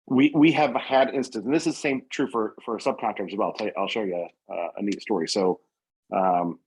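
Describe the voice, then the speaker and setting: A man's voice: on the low side, darkish tone, rough recording. A man who owns a painting company, talking earnestly in a casual podcast interview, rambling with many fillers and restarts. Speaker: painting company owner, guest.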